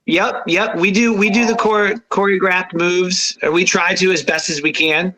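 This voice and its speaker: A man's voice: sits high, fairly even intonation, normal speed, a crowd in the background, low-quality recording. A man from New England, the guest frontman of a rock band, chatting casually and laughing often. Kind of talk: casual chat.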